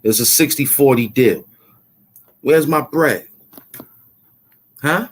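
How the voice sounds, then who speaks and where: A man's voice: on the high side, sing-song, very slow, pauses often, a bit bright, husky. A man hosting his own channel, taunting and repeating himself as he demands money he says he is owed. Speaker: YouTube show host. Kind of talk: confrontational rant to camera.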